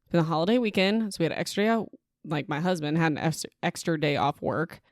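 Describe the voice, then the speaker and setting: A woman's voice: low-pitched, a little fast, dry recording, studio quality. A woman hosting her own podcast in a chatty, rambling, self-deprecating way, talking into a home microphone. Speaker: podcast host. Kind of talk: casual solo podcast chat.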